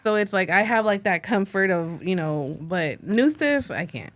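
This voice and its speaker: A woman co-hosting a podcast in relaxed, candid chat with blunt opinions. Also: medium pitch, moderate pace. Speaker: podcast co-host. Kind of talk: casual chat.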